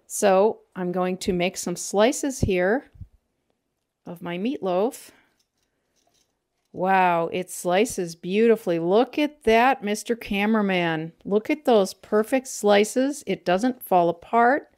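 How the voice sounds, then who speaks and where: A woman's voice: mid-range voice, slow pace, a little mellow. A woman hosting a home cooking show, cheerfully talking the camera through each step of a casual demonstration in her kitchen.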